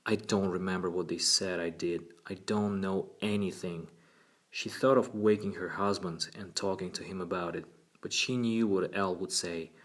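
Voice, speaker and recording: Man, audiobook narrator, very low voice, steady storytelling.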